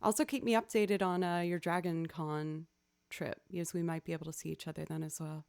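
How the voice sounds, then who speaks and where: A woman's voice: lowish voice, steady tone, fairly quick, vocal fry, a little mellow, dry recording, studio quality. A young woman streaming live, chatting casually with viewers, greeting them by name and laughing often. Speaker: streamer and musician.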